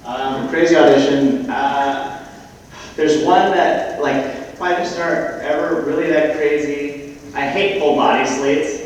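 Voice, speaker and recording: A man's voice: on the high side, steady tone. Man, joking casual panel talk, far from the mic, roomy hall echo, faint crowd hum. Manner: joking, quick asides. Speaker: panel guest. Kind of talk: casual live panel chat. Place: live festival stage in a large hall.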